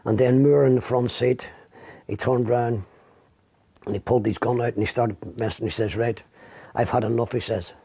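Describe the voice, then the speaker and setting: Gravelly man telling a harrowing story. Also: medium pitch, fairly quick, mellow, dry recording. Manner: vivid storytelling, acts out quoted speech. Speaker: interviewee recounting his arrest. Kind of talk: documentary testimony.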